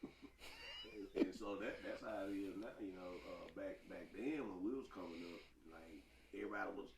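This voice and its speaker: A man hosting an interview speaks in a low voice whose pitch swings widely. He chimes in quietly and agreeably, sounding a bit off-mic. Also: huge pitch swings, normal speed, creaky, heavy background noise. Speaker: host. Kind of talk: casual interview chat.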